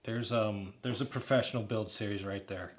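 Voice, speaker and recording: A man in his thirties, a hobbyist builder, chats casually with his stream chat during a live build, rambling and laughing as he speaks straight to viewers. His voice is lowish, with a steady tone and moderate pace.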